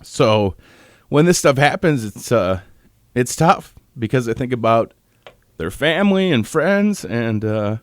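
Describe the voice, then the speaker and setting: A male radio host on his morning show, talking in a halting way and holding back tears, with pauses and restarts. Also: mid-range voice, sing-song, dry recording, studio quality. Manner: halting, choked up, pausing often. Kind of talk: on-air morning show tribute. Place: radio studio.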